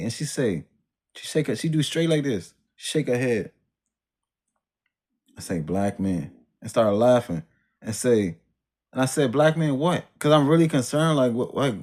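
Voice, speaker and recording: A man's voice: mid-range voice, a little mellow. A man telling a personal story in a casual, rambling way, full of slang, restarts and trailing sentences.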